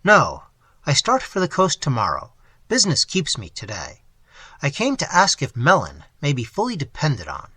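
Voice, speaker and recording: A man voicing a bold highwayman captain who gives brisk, clipped commands in a storybook reading. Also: wildly swooping pitch, bright, forceful tone, husky, dry recording, heavily acted. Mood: commanding.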